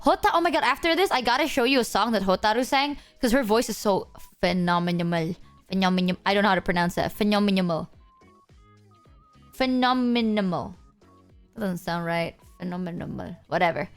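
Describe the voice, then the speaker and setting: A woman's voice: medium pitch, fast, few pauses, soft background music. A woman streamer joking and teasing casually on a live stream, often mocking herself.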